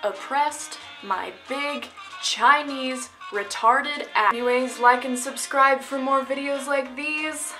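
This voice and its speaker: A woman's voice: sits high, slow, hardly any pauses, music in the background. A woman vlogger telling a story from her own life in a casual, sarcastic, ranting manner.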